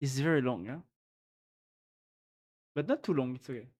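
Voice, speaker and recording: A man's voice: medium pitch, moderate pace, darkish tone. A man with a French accent, a native French speaker, chatting casually on a live stream, laughing often and repeating words as he searches for phrasing. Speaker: livestreamer. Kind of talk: casual chat reacting to a video on a live stream.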